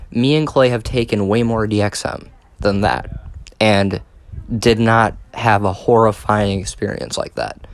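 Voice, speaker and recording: Rambling, cursing young man telling a story. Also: on the low side. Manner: rambling, profane, many fillers and restarts. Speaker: vlogger. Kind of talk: casual storytime monologue.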